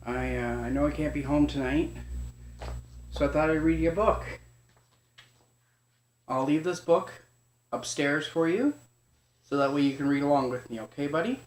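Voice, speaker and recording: A father gently reading a bedtime story to his young son, speaking informally and stumbling and correcting himself now and then. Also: on the high side, normal speed, pauses often, a little hiss or hum. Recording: echoey room.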